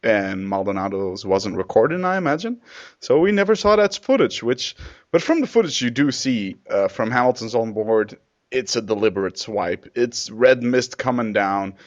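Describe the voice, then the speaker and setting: A man co-hosting a casual motorsport podcast, talking in a jokey way that is lively and full of fillers. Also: medium pitch, moderate pace. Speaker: podcast co-host. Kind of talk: casual chat. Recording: muffled lo-fi.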